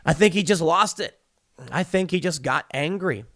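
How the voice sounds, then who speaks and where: A man delivering an animated opinion commentary, often restarting his sentences and breaking into quick asides. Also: a little high.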